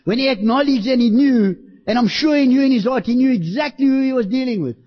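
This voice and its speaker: A high-pitched man delivers a sermon with emphatic, repeating phrases, dropping into dramatic quoted voices. The recording is dull and lo-fi, like an old church tape. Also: fast. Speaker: pastor.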